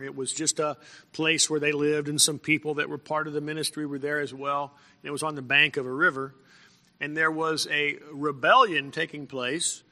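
A man preaching a sermon as pastor, often clearing his throat and restarting his phrases. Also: on the high side, bright, forceful tone, long reverb tail. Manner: frequent throat clearing and repeated false starts.

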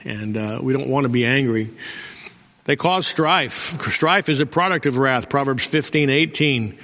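A man's voice: medium pitch, a little slow, sharp tone. A middle-aged male pastor preaching a folksy sermon and calling out for amens from the congregation. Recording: long hall reverb.

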